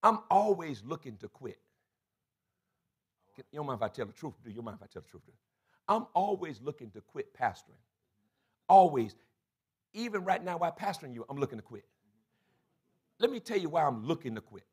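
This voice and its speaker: A man preaching a sermon as bishop of his church, building to shouted climaxes, calling out to the congregation and acting out quoted voices. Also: a little high, big pitch swings, brisk, long pauses, breathy edge. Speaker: bishop and pastor. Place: church sanctuary.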